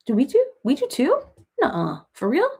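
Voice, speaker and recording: A woman's voice: high-pitched, huge pitch swings, normal speed, vocal fry, warm tone, full character voice. A woman playing a rambling, chatty reality-TV woman in a comedic parody livestream, who baby-talks her cats and answers viewers by name.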